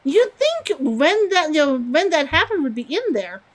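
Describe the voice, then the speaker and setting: A woman's voice: high-pitched, very animated, moderate pace, low-quality recording. A woman streaming a game, chatting casually and musing aloud as she reads lore text from the screen.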